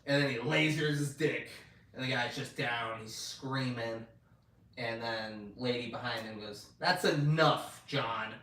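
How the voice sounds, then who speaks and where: Animated man recapping in a roomy room. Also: mid-range voice, unhurried. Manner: animated retelling, acts out quoted lines, swears often. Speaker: podcast co-host. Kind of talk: casual recap chat. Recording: roomy echo, mic at a distance, faint noise.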